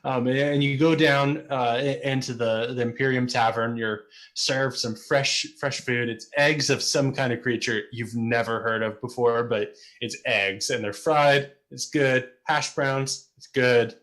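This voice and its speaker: A man running a tabletop game as game master, narrating scenes in a relaxed, rambling way with many repeated words. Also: medium pitch, measured pace.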